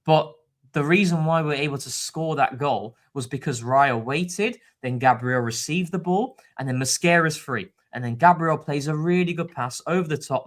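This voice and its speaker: A man co-hosting a live football fan stream, chatting casually and excitably, laughing often. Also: medium pitch. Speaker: co-host of a football fan show.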